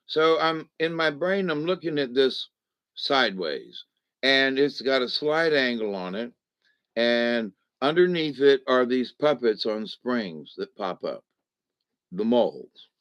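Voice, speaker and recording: A man's voice: mid-range voice, a bit bright, clean tone, no room sound. A man giving a rambling, folksy spiritual lesson, acting out little voices as he goes. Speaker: spiritual teacher. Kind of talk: casual spoken lesson. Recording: dull muffled sound.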